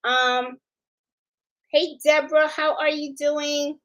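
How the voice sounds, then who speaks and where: A woman's voice: high-pitched, flat delivery, slow pace, low-quality recording. Chatty New York woman hosting a livestream. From New York City. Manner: chatty, warm greetings, frequent fillers and restarts. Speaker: livestream host. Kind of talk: casual live chat.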